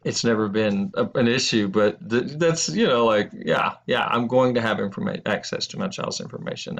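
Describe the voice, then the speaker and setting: A man's voice: lowish voice, moderate pace, vocal fry, few pauses. A middle-aged man teaching a recorded lesson in a casual, rambling way, telling anecdotes and correcting himself as he goes. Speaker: instructor. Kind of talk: casual lecture video. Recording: dull lo-fi audio.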